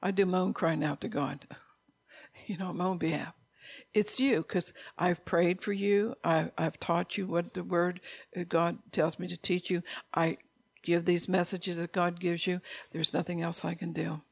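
Middle-aged preacher with a rough, fry-laden voice, informal sermon, repetitive and scolding. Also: medium pitch, steady tone, a little slow, no room sound.

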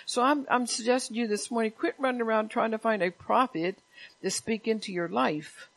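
A woman's voice: on the high side, moderate pace, gravelly, low-quality recording. A woman pastor preaching a sermon in church, talking plainly and conversationally and often repeating her words.

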